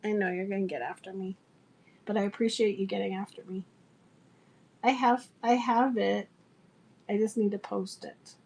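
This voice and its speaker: Telling a funny story on her craft livestream, this middle-aged seller host keeps things casual and animated, laughing often as she goes. Her mid-range voice has vocal fry, and she talks at normal speed with frequent pauses.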